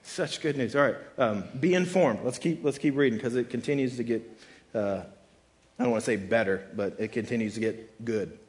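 A man's voice: mid-range voice, a little fast, a little mellow. A man preaching a sermon as pastor. He talks casually and conversationally, fills his speech with "like," and acts out the people he quotes. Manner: casual and conversational, with frequent "like" fillers; dramatic, voices the people in his scripture quotes.

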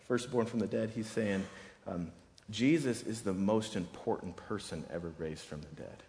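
A man preaching a sermon as a pastor, speaking in a conversational, emphatic way that often repeats words and restarts phrases. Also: lowish voice. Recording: long reverb of a hall.

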